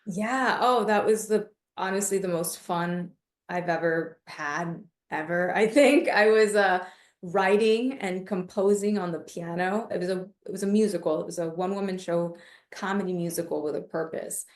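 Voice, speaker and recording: A woman guest on a podcast, a comedian and mindfulness coach, telling stories in a lively, casual way and acting out the voices of people she quotes. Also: lowish voice, normal speed, roomy sound. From United States. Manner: animated, acts out quoted voices in her stories. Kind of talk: casual interview storytelling.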